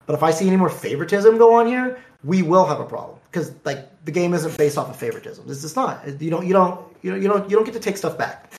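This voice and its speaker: A man telling a card tournament story in casual talk, animated, acting out the dialogue. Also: high-pitched, fast talker, hardly any pauses. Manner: animated, acts out dialogue in quotes. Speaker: card game player. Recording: echoey room.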